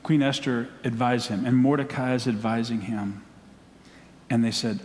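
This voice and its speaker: A man with a Southern accent preaching a sermon, telling a story in an animated way and acting out the scenes. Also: medium pitch, moderate pace. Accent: Southern American. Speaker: pastor. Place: church sanctuary. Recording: long church hall echo.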